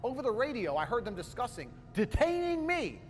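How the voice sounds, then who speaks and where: A man rattles off an indignant anecdote, full of swearing and acted-out dialogue. His voice sits high and swings widely in pitch at a quick clip. There is a long hall-like tail on the voice and a faint hiss underneath. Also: huge pitch swings. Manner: indignant, swearing, acts out other people's lines. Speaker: storyteller in a played clip. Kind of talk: profane animated anecdote.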